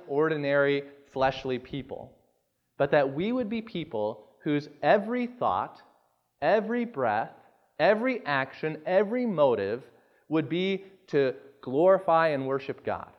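A man preaching a sermon as pastor, earnest and deliberate, stressing key words. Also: fairly high pitch. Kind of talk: sermon with scripture reading.

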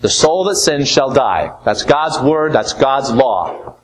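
A man's voice: medium pitch, expressive, slow pace, poor audio. A man preaching an expository sermon, earnest and emphatic, with phrases that swing from rising to falling.

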